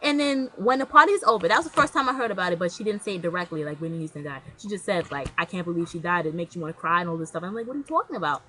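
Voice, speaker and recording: A woman's voice: on the low side, rapid-fire, hardly any pauses, a bit bright, low-quality recording. A young woman vlogging to her camera in casual chat, blunt and slangy, rambling with restarts.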